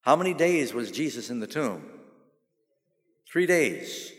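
A male pastor preaching a sermon, asking the audience questions and answering them himself, and slowing down to stress key phrases. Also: medium pitch, very animated. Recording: long reverb of a large hall.

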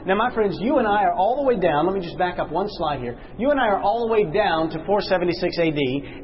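Bible class teacher, man, higher voice, quizzes the room, slows down for emphasis; muffled recording. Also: a little hiss or hum. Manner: questions the class, slows and drops low for emphasis.

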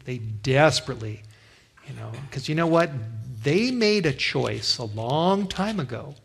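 A man's voice: medium pitch, expressive, measured pace, vocal fry, husky. A man preaching, telling a personal testimony in an earnest way, with frequent restarts. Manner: earnest storytelling with many restarts. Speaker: pastor. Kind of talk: sermon testimony.

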